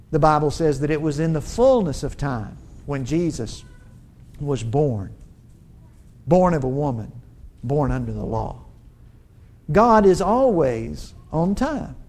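A man preaching a sermon, pausing for emphasis and building to urgent, rising lines, often restarting and repeating words as he works toward a point. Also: on the high side, warm tone. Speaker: pastor.

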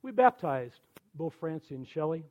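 Man in his 60s, church elder, animated folksy sermon stories, fairly high voice, muffled lo-fi sound. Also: normal speed. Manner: animated, folksy storytelling with quoted dialogue. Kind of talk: storytelling sermon.

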